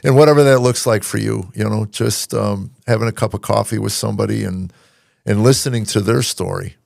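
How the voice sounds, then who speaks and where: A man's voice: on the low side, brisk, vocal fry, darkish tone, no echo, studio quality. A man hosting a podcast, telling a personal story in an earnest, casual way with plenty of fillers. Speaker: podcast host. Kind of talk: casual interview chat.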